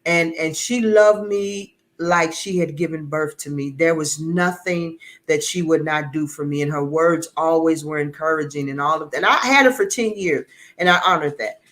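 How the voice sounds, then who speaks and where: A man's voice: fairly high pitch, moderate pace, a bit bright. A middle-aged man giving an earnest, emotional personal testimony as an interview guest, often repeating words as he searches for them.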